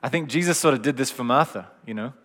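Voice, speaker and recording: A middle-aged man preaching a gentle, reflective sermon in a conversational way. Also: mid-range voice, quick pace. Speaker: pastor. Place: church hall. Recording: long hall reverb.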